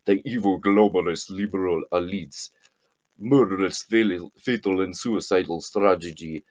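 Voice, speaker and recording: A man's voice: low voice, moderate pace, a little mellow, close to an everyday voice, poor audio. A man voicing a grandiose older Russian philosopher in a mock Russian accent, declaiming solemnly.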